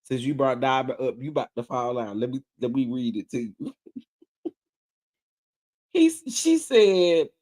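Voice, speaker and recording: A man hosting a livestream, ranting casually in a sassy, animated way and laughing often. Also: mid-range voice, a little slow, pauses often. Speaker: livestream host.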